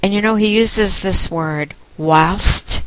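Slow, commanding woman. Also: mid-range voice, no room sound, low-quality recording. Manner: teasing, commanding, unhurried. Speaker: phone domination host. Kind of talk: slow recorded monologue.

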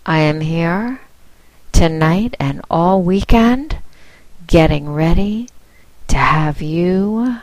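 A woman with a low voice delivers a sultry recorded phone-line ad at a very slow, drawn-out pace. She sounds teasing and commanding, sometimes sinking to a whisper. The recording is dry and close. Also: expressive, no echo. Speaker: adult phone-line performer.

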